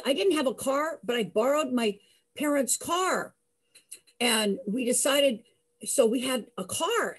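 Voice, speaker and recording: An older woman telling a personal story in a lively way, acting out the voices of the people in it. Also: on the high side, husky. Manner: lively, acts out voices, laughs. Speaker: storyteller host.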